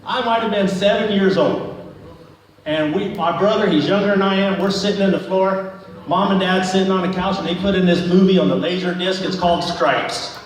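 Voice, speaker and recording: A man's voice: sits high, steady tone, normal speed. A man doing a stand-up comedy set, telling a rambling, profane story to a live crowd. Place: event hall at a live show. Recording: echoey hall from far off.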